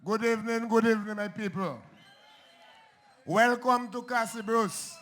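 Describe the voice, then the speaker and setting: Man, militant rally speech, very high bright voice. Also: fairly even intonation, measured pace. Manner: militant, calls out to the crowd. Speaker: rally guest speaker. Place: outdoor political rally.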